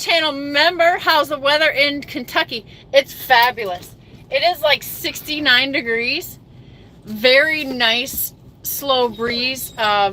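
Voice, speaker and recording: A woman's voice: on the high side, pushed and bright, a little hiss or hum. A middle-aged woman trucker hosting a casual livestream chat, self-mocking and reading viewer comments aloud.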